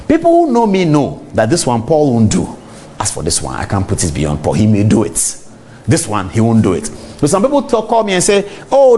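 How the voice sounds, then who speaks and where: Animated Ghanaian man hosting TV. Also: medium pitch, a little hiss or hum. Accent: Ghanaian English. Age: middle-aged. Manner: animated, talks straight to viewers. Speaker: TV talk show host. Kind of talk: on-air commentary.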